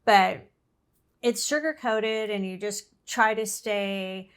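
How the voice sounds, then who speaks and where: A woman's voice: mid-range voice, steady tone, smooth. A middle-aged woman co-hosting a casual podcast, talking in a chatty, easygoing way. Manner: chatty, reacts with laughs and quick interjections. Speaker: podcast co-host. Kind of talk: casual chat.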